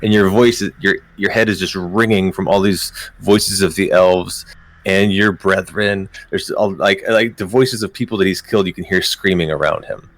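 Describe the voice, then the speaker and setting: A man's voice: low voice, steady tone, normal speed, no echo. A man running a tabletop game as game master, casual and hesitant, with many ums and easy laughs.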